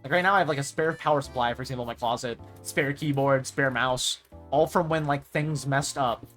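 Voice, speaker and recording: A man's voice: medium pitch, fairly quick, a bit bright, soft background music. A young man streamer in casual chat, ranting in exasperation and swearing freely as he mimics the people he talks about.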